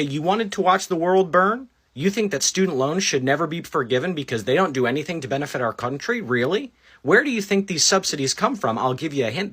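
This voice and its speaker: A man's voice: on the high side, pushed and bright, husky. A man on a sarcastic, mocking social media rant, scolding his critics.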